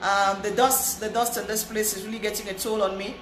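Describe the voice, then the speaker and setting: Her medium-pitched voice is flat and brisk, thick and nasal with a cold. The livestream host greets viewers by name in a chatty, repetitive way, recorded in an echoey room with a faint hiss.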